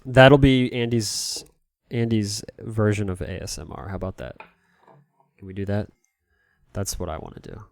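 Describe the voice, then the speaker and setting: A man's voice: fairly low pitch, fairly even intonation, moderate pace, dry recording, clean studio sound. A man chatting casually to his live-stream viewers while cleaning a console, rambling and self-deprecating, laughing often.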